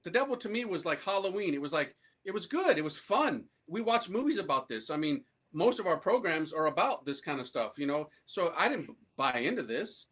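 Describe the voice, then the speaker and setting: A priest from the United States tells his conversion story to a live audience in a loose, slangy, animated way. His voice sits a little high for a man and rings bright and forceful. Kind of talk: conversion testimony talk to an audience.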